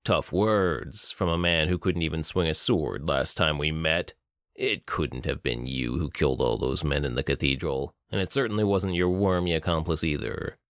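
A male audiobook narrator voicing a menacing, cruel male villain who taunts slowly. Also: very deep voice, fairly bright tone, dry recording, studio quality, pitched below the performer's own voice. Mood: taunting.

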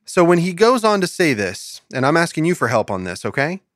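A man hosting a podcast Bible study, reading scripture slowly and asking his guest questions. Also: fairly high pitch, very animated, fairly bright tone, dry recording, clean studio sound. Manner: reads scripture aloud slowly, asks questions, laughs easily. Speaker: podcast host. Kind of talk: casual Bible study discussion.

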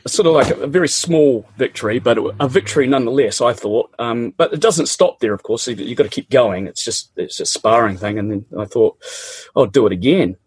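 Middle-aged Kiwi man, husky, dry close sound, lively colloquial storyteller. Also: mid-range voice, brisk, hardly any pauses, no room sound. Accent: New Zealand. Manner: animated, laughs often, colloquial. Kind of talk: casual personal storytelling.

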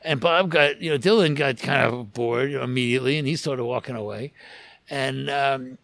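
A guest photographer, a man, rambles through a long anecdote in casual conversation, constantly restarting and wandering into asides. His mid-range voice is gravelly and slightly bright, at a moderate pace, on a dry recording.

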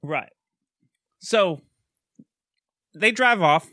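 A man casually retelling a film plot in chat, animated and quick to laugh. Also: sits high, dry recording, clean studio sound. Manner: animated storytelling, laughs often. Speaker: podcast co-host recapping a film.

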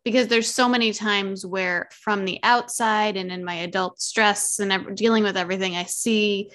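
A woman's voice: medium pitch, fairly even intonation, moderate pace. A woman who is a mother, hosting an interview podcast and cheering her guest on with enthusiastic agreement. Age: adult mother. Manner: warmly affirming, enthusiastic. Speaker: podcast host. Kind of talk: casual interview chat.

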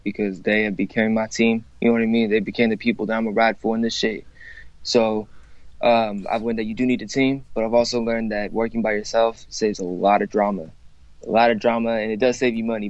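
A man who makes music, talking about his work as a guest in a casual chat, relaxed and full of fillers. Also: fairly low pitch, dry recording. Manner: laid-back, relaxed, lots of fillers. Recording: dull, dry, muffled sound.

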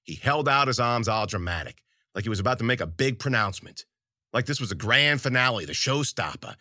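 A man's voice: mid-range voice, lively intonation, brisk, sharp tone, dry recording, studio quality. A man narrating a story in first person, with wry, colloquial and profane delivery. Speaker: audiobook narrator.

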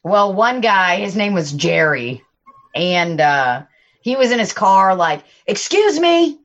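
A woman's voice: fairly low pitch, lively intonation, slow, a bit bright, highs cut off. A woman chatting casually with friends, telling crude stories from her restaurant job with plenty of laughter and acted-out quotes. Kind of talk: casual chat among friends. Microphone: phone.

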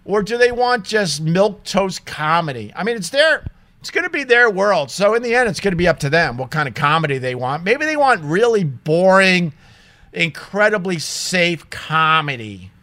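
Bright, high-voiced ranting man. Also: big pitch swings, moderate pace, no room sound. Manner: indignant, emphatic, swears freely. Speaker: vlogger telling a story. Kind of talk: casual ranting monologue. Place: small home studio.

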